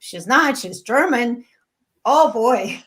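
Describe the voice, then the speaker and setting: A woman's voice: on the high side, expressive, slow pace, a bit bright. A middle-aged woman, a matchmaker hosting a live chat show, talking chattily and telling stories with laughs. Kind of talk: live-streamed casual chat.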